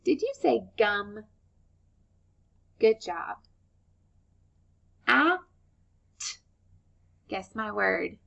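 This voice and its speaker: A woman teaching young children phonics, sounding out words slowly and clearly and praising them warmly. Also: mid-range voice, big pitch swings, highs cut off. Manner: slow, clear sound-by-sound modeling, encouraging.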